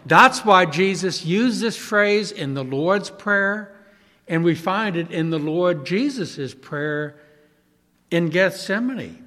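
A male pastor preaching an impassioned sermon, swinging from loud pleading to hushed, soft passages. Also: high-pitched, lively intonation, slow, in a large hall.

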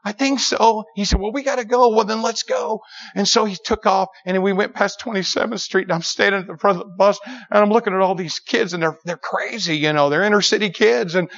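A man delivers a sermon to young people in a high voice, telling a story with animated energy and bursting into sudden high shouts as he acts out what people said. The recording sounds dull and lo-fi. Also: a little fast. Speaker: preacher.

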